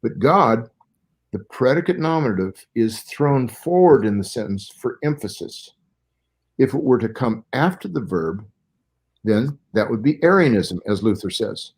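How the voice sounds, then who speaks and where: Older male scholar in his sixties, from Southern California, careful and professorial, explains at length, middle-pitched voice. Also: lively intonation, unhurried, darkish tone. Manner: careful, lecturing, explains step by step. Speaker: guest Bible scholar. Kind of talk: interview explanation.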